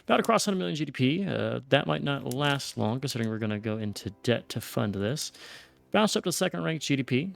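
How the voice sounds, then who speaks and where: A man's voice: mid-range voice, lively intonation, brisk, vocal fry. A man giving casual let's-play commentary on a strategy game, thinking aloud and often restarting or trailing off. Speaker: gameplay streamer.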